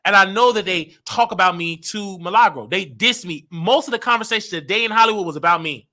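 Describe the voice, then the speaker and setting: A man hosting a livestream show in an animated, boastful rant. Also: high voice, fairly quick. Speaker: show host.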